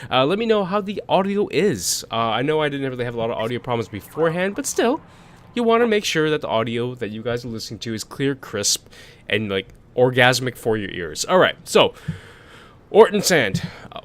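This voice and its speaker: Young male gaming youtuber, mid-pitch voice, crude joking commentary, reads text with slip-ups, desk condenser mic. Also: a bit bright. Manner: swears, reads aloud and stumbles. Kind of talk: let's play commentary. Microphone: desk condenser microphone.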